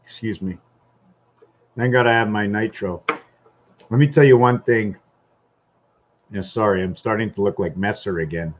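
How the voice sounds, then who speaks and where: A man's voice: lowish voice, normal speed, pauses often, lo-fi sound. A man rambling in a casual vlog monologue at home, thinking aloud and wandering from topic to topic. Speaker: vlogger.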